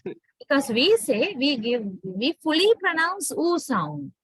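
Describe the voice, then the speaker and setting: A woman's voice: sits high, big pitch swings, measured pace, poor audio. A woman from Sri Lanka with a Sri Lankan English accent, giving a classroom lecture and often checking that students follow with "right?". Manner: explanatory, keeps checking understanding with "right?". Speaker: university lecturer.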